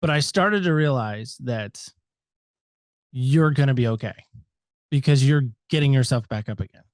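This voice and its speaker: A man quoting his gruff older father, a former Marine, in an everyday voice close to his own. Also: medium pitch, normal speed, darkish tone, no echo, close to an everyday voice. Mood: earnest.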